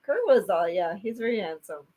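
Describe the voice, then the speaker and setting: A woman co-hosting a casual livestream, animated and laughing often as she reads the chat. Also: medium pitch, normal speed. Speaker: livestream co-host.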